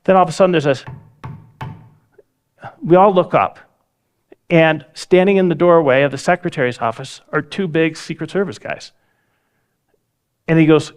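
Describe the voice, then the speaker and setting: A man with a slightly higher voice tells a story at a talk. He acts out the quoted dialogue as he goes, and the telling is vivid. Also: moderate pace, pauses often, clean tone. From United States. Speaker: speaker. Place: lecture hall.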